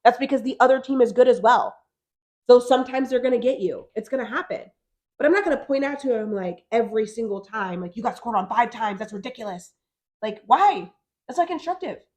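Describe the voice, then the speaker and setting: Lively woman in her 30s on a podcast, kinda high voice, acts out quotes as she chats. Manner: animated, talks fast and acts out quotes. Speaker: podcast co-host. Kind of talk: casual chat.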